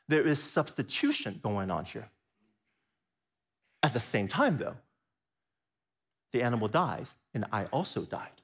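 A man preaching a sermon, asking his listeners questions and repeating phrases, swinging from quiet low stretches to high excited bursts. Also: breathy edge.

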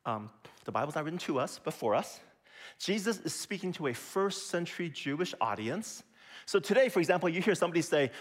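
A man preaching with a husky, slightly raised voice. His delivery is animated, with lots of rise and fall as he teaches. He talks to his listeners like a chatty teacher, asking "right?" and "okay?" as he goes. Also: a little high, brisk. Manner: lively, conversational preaching with frequent "okay?" and "right?". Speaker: pastor. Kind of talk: sermon.

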